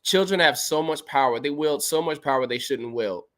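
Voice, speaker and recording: A man's voice: on the high side, normal speed, fairly bright tone. A man hosting a livestream, reading Bible verses aloud and commenting on them in an emphatic, preachy way. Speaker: podcast host.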